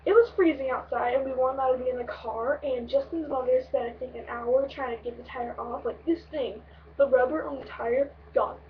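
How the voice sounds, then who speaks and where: A woman's voice: high-pitched, brisk, far from the mic, highs cut off. Young woman, casual vlog storytelling, rambling and sweary, sits back from the mic, faint hiss. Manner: excitable, rambling, swears freely. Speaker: vlogger.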